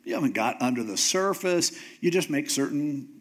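A man's voice: on the high side, moderate pace. A man preaching a sermon in a casual, conversational way, acting out the voices of the people in the story he retells. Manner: animated storytelling, acting out voices of God and Moses; conversational, informal phrasing. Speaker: pastor.

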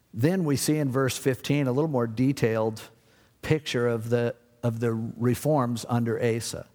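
A pastor preaching a casual, conversational sermon, explaining scripture and acting out the people in the story. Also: male voice, medium pitch, darkish tone, in a large hall.

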